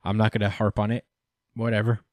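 A man co-hosting a casual manga review podcast, relaxed and full of fillers, recapping with playful quoted voices. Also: fairly low pitch, fairly quick, no echo. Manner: relaxed, many fillers, acts out characters in quotes. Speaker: podcast co-host.

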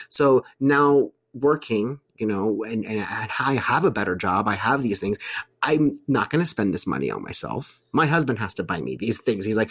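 A man in casual podcast talk, animated and chatty, who calls people honey. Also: fairly low pitch, moderate pace, husky. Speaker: podcast guest, host of his own show. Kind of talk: casual chat. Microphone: studio mic.

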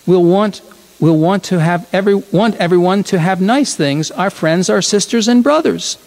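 A man's voice: sits high, moderate pace, creaky, a little mellow, big-room sound. A preacher reading as a cheerful storybook father.

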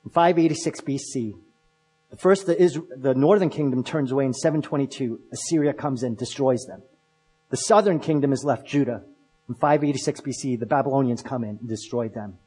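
A male pastor preaching a sermon, retelling stories and acting out the quotes with shifts from loud to hushed. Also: medium pitch, fairly quick, husky, poor audio.

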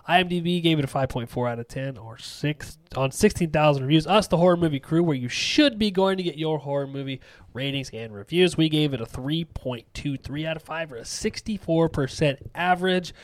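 A man's voice: on the high side, no room sound. A man hosting a horror movie podcast, teasing his co-hosts in casual chat. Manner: animated, teasing, quick. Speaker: podcast host.

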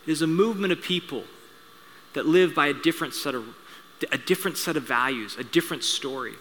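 Brief: male pastor, forceful bright tone, slightly high voice, chatty storytelling sermon. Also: fast. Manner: conversational storytelling with asides and humor. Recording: reverberant hall sound.

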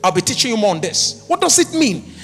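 A male preacher delivering an emphatic sermon in a church, firing rhetorical questions at the congregation and breaking into shouts. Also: sits high, very animated, fast. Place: church hall. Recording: reverberant hall with music behind.

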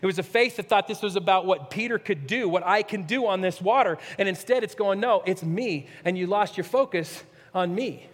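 A male pastor preaching a sermon with earnestness, swinging from near-shouts to hushed, low asides. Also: moderate pace, few pauses. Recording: long reverb, echoey hall.

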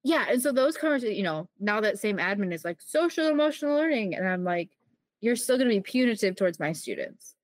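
A woman's voice: medium pitch, very animated, fast talker, no echo. A woman hosting an interview podcast, candid and frank, speaking casually and laughing along with her guest. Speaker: podcast host, teacher.

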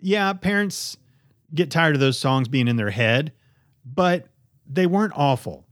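A man's voice: fairly high pitch, lively intonation, measured pace, no room sound, studio quality. A man co-hosting a podcast in casual chat, blunt and joking, swearing often. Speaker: podcast co-host.

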